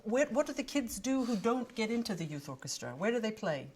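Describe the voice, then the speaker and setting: A woman hosting a casual interview, eager and quick with questions, often laughing. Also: a little high, big pitch swings, a little mellow, a little hiss or hum. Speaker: host. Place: indoor room at a live gathering.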